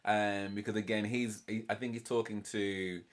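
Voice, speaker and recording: A man's voice: fairly low pitch, level tone, moderate pace. A British man hosting a reaction channel, giving a casual recap and breakdown of a TV show in a chatty, rambling way. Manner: chatty, heavy on "like" and "you know", acts out quotes from the show.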